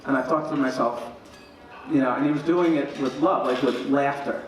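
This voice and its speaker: At a wedding reception, a middle-aged man with a medium-pitched voice delivers a storytelling toast as the groom's father at a moderate pace, faint music behind him. He's funny and animated, doing voices for the characters in his tales, picked up by a distant mic in a very echoey hall with faint noise.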